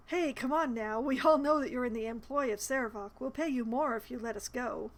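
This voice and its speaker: A woman's voice: on the high side, a little fast, hardly any pauses, rough recording. A woman streaming a role-playing game, reading the dialogue aloud and adding wry, chatty asides. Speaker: gamer streaming a playthrough.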